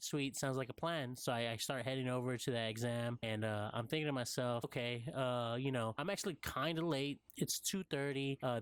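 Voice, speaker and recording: A young man tells a story casually, wandering through it with plenty of fillers. His voice is smooth and clear at a middling pitch, recorded dry and close with no room sound. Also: no room sound. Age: young adult. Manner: rambling, full of fillers like "like" and "uh". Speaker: college student recounting a dream.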